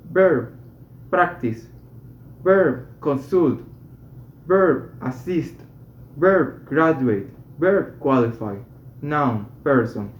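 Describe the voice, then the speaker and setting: A man's voice: fairly high pitch, darkish tone. A man reading medical English textbook exercises aloud, carefully and with a few slips and restarts. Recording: echoey room, dull lo-fi sound, faint noise.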